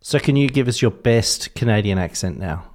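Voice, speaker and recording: A podcast co-host asking quick, teasing questions in casual chat. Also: mid-range voice, lively intonation, darkish tone.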